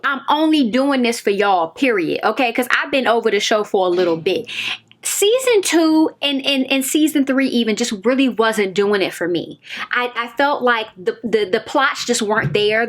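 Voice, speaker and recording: A young woman with a fairly high voice talks through a TV episode review. She is emphatic and casual, repeats her points for effect, and speaks straight to her viewers. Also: expressive, normal speed. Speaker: TV review vlogger.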